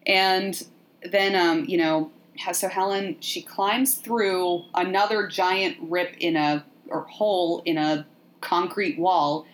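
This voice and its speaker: A woman hosting a podcast, chatting casually as she retells a film with playful, animated asides. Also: lowish voice, slow. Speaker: podcast host.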